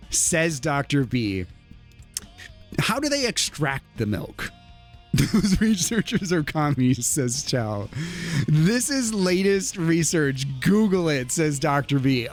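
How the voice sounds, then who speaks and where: Animated high-voiced man chatting on stream. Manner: animated, laughs often, lively. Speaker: livestream host. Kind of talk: casual chat reading viewer comments. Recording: faint music behind.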